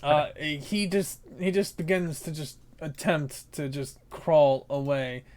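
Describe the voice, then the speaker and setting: A man's voice: fairly high pitch, steady tone, slow pace, a little mellow. A man narrating as dungeon master, laughing and swearing through vivid descriptions. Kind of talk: narrating a tabletop game.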